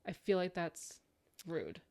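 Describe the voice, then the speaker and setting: A woman co-hosting a book podcast in casual chat, animated and acting out quoted lines. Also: slow pace, vocal fry. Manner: animated storyteller, acts out quotes in high voice. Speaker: podcast co-host.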